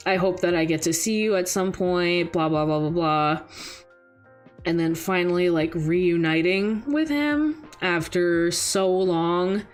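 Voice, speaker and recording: Slow-talking young woman streamer. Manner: rambling heartfelt storytelling with many fillers; acts out quoted voices in a higher pitch. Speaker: VTuber streamer. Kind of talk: casual chat.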